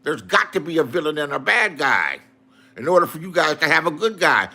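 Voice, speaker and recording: High-pitched angry man ranting, profane. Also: very animated, fairly quick, pushed and bright. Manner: angry, profane, repetitive insults. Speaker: online streamer. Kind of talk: profane rant to camera.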